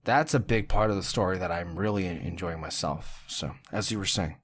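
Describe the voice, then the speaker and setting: A man hosting a podcast in casual chat, talking in an animated way, swearing freely and often laughing. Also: deep voice, fairly quick. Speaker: podcast host.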